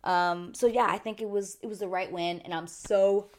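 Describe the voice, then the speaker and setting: Animated woman recapping a TV show. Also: fairly low pitch. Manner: animated, slips into quick voices when quoting people; laughs and swears casually. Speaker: TV recap host.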